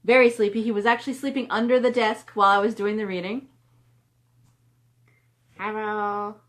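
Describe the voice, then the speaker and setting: A woman's voice: medium pitch, little pitch movement, normal speed. Middle-aged woman, author on a home livestream, chatty and friendly-paced, mid-range voice, coos at her dog. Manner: chatty, reads viewer comments aloud and coos at her dog. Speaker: author hosting a live stream. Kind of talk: casual live-stream chat.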